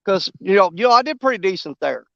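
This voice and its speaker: Man, high voice, rambling fishing-stream host, dry muffled audio. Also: animated, quick pace, vocal fry, a bit bright, no echo. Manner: rambling, easygoing, greets viewers by name. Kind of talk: casual live-stream chat while fishing. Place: outdoors on a riverbank.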